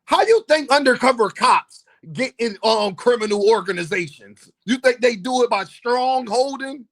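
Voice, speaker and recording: A man's voice: very high-pitched, expressive, moderate pace. A man hosting a casual boxing commentary vlog, playful and teasing, laughing often and talking straight to his viewers.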